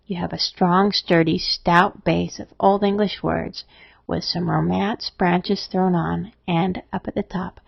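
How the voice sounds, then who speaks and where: A woman narrating a scripted spelling lesson, explaining rules in a steady, methodical way. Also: fairly low pitch, vocal fry, no echo. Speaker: spelling teacher. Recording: dry, dull lo-fi voice-over.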